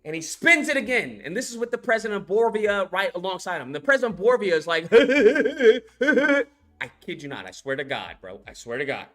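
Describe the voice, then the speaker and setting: A film commentary YouTuber in an excitable, profane movie-review rant who keeps acting out scenes as they talk. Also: mid-range voice, fast, few pauses. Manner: excitable, swears freely, acts out scenes.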